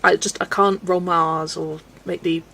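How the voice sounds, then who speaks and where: A woman's voice: fairly low pitch, fairly even intonation, normal speed, gravelly, bright, forceful tone, low-quality recording. A woman from Belgium hosting a colouring livestream, chatting with viewers, laughing often and stumbling over names. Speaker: livestream host reading chat. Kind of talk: casual livestream chat. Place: home, colouring at a desk.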